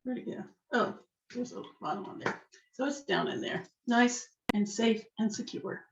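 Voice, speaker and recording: A slightly hoarse woman teaching a jewelry-making craft step by step, chatting to herself as she works. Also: on the high side, animated, normal speed, background noise. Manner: chatty, talks to herself while working. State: slightly hoarse, losing her voice. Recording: echoey room, dull lo-fi sound.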